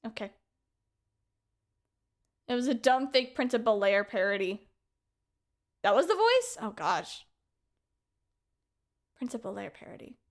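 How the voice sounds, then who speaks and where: A woman's voice: on the high side, very animated, unhurried, long pauses. A young woman streaming a game, chatty and laughing as she talks to her chat. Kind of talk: game playthrough commentary. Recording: loud game music behind.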